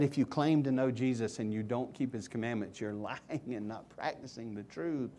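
Male pastor mid-sermon: mid-range voice, earnest preaching, big shifts from loud emphasis to near-whispered asides. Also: normal speed, hardly any pauses, slight background noise. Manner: preaching with wide swings from loud emphatic questions to hushed low asides. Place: church sanctuary.

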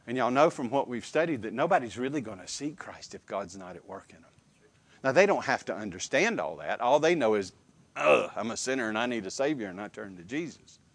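A man preaching a sermon, emphatic and animated, with repeated phrases and questions to the congregation. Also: medium pitch, brisk, slightly rough, no room sound.

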